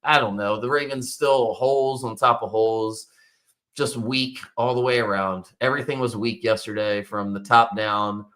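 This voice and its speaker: A man's voice: mid-range voice, fairly even intonation, normal speed, a bit bright. Frustrated man ranting about football. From Baltimore area. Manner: frustrated, exasperated, swears. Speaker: sports podcast host. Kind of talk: ranting sports commentary.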